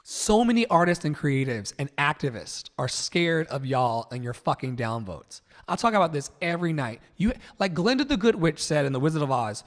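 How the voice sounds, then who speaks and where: A man from Virginia hosting a livestream, delivering an impassioned, preachy monologue with sudden loud outbursts and soft asides. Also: a little high, big pitch swings, moderate pace, hardly any pauses, long reverb tail. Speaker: livestream host.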